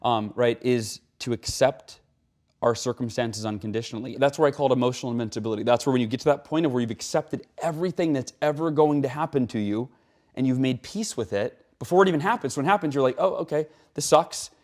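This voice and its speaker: A man as a guest in an interview, speaking in an animated, conversational way, acting out quotes and often tagging his sentences with "right?". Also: fast. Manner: animated, acts out quotes with rising pitch; frequent "right?" tags.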